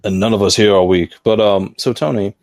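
Lower-voiced man rambling enthusiastically. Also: fairly even intonation, fairly quick, darkish tone, dry recording, clean studio sound. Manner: rambling, thinks aloud with restarts; enthusiastic about the topic. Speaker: podcast co-host. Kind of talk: casual live podcast chat.

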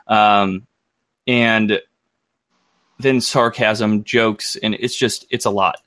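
American guy rambling on a livestream, thinks out loud, dry close sound. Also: fairly low pitch, fairly even intonation, very slow, no echo. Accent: American English. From United States. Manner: rambling, thinks aloud with many fillers and restarts. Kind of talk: casual livestream chat.

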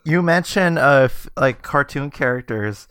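A man's voice: medium pitch, lively intonation, a little slow, a bit bright, clean tone, dry recording. Chatty man with a dry close sound. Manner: chatty, trails off with fillers, laughs easily. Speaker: podcast co-host. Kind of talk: casual film chat.

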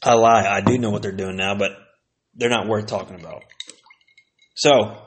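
A man's voice: lowish voice, steady tone, normal speed. A man from Texas hosting a casual solo podcast, rambling through old memories with plenty of swearing. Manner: rambling, profane, laid-back, sipping whiskey. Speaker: podcast host.

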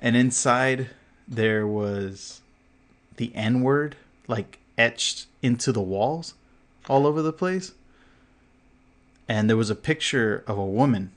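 This podcast co-host speaks at a medium pitch and a slow pace, pausing often. He tells a story in casual chat, packed with fillers, swearing and laughter, and acts out what other people said.

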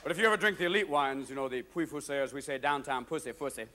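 A man performing live stand-up comedy, talking fast and darting between silly voices. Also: mid-range voice. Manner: rapid-fire, jumps between silly voices and characters. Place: theater stage before an audience. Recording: live show with loud crowd laughter and hiss.

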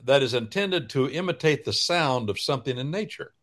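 A man hosting a radio talk show, explaining in a folksy, preacherly way with drawn-out pauses. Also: mid-range voice, animated, a bit bright. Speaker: radio host.

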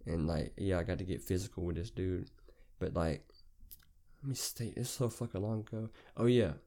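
A man's voice: low voice, moderate pace. A man hosting a podcast, telling a long story in a rambling, profane, casual way. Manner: rambling, profane, animated retelling. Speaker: podcast host.

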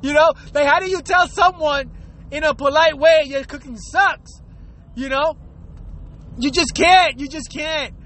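A man with a strikingly high voice rants to his vlog audience with a crude, comic streak. He laughs often and swears freely. His tone is bright and forceful throughout. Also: measured pace, long pauses. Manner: acts out quoted excuses in a lower voice. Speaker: vlogger. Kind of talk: profane comedic rant to camera.

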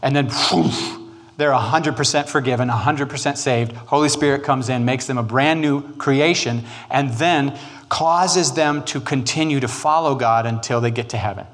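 A man teaching church history in a casual, jokey way with animated asides. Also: mid-range voice, moderate pace.

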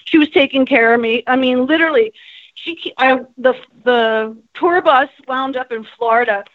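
High-pitched woman musician from jersey, blunt and sweary, dry dull sound. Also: normal speed, no room sound. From New Jersey. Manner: blunt, profane, animated storyteller. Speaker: guest musician. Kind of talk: candid storytelling.

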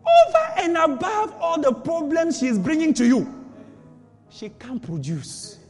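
A man's voice: extremely high pitch, big pitch swings, measured pace, darkish tone, long reverb tail, faint music behind. A man preaching a sermon with emphatic repetition and rhetorical questions.

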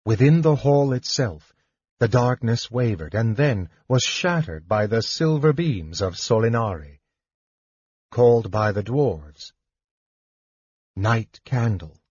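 A man narrating an audiobook in a measured, dramatic reading. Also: medium pitch, animated, darkish tone, husky, dry recording. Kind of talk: scripted narration. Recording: dull lo-fi dry recording.

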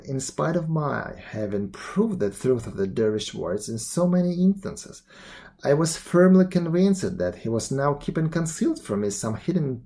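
A man narrating a classic tale aloud in a steady, even reading voice. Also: medium pitch, vocal fry. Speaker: storyteller. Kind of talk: storybook read-aloud narration.

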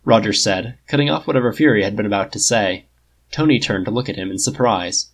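A man reading a fan fiction story aloud in an even, plain storytelling manner. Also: fairly low pitch, fairly quick. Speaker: audiobook reader.

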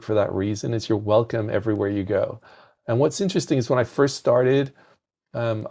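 A man, a podcast guest, telling animated anecdotes with a softened foreign accent, often repeating words as he starts sentences. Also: on the low side. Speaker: podcast guest, game industry founder. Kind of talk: conversational storytelling.

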